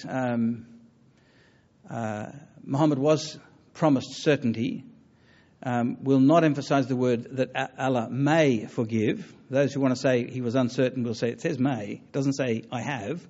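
A man giving a public talk on religion and taking audience questions, earnest and halting, with many fillers and restarts. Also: mid-range voice, darkish tone, dull audio. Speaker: lecturer on religion.

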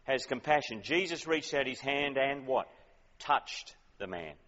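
Preacher in an echoing hall. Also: male voice, medium pitch, expressive, measured pace, fairly bright tone, muffled recording. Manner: conversational, questioning, emphatic. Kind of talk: sermon.

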